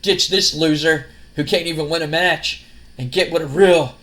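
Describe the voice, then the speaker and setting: A man's voice: a little high, normal speed, fairly bright tone, natural voice. A man voicing a cocky, boastful male wrestler in a taunting manner while narrating a wrestling sim game. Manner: taunting, brash.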